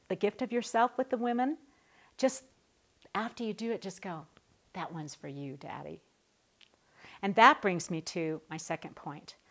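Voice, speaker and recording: A middle-aged woman teaching a recorded Bible study lesson to a women's group, warm and encouraging in a conversational way. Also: on the high side.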